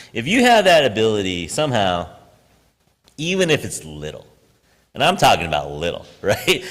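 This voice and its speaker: Pastor giving a relaxed sermon, lively swooping pitch, chatty, laughs a lot, long church reverb. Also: male voice. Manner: chatty, self-deprecating, laughs often, animated storytelling. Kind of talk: casual conversational sermon. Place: church sanctuary.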